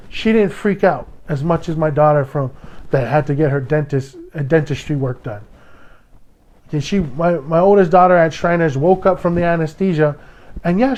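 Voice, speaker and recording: A man's voice: fairly high pitch, a little mellow, highs cut off. Hawaiian man telling a heated story. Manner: emotional storytelling, restarts, quotes others in raised voice. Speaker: podcast host. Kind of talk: casual monologue podcast.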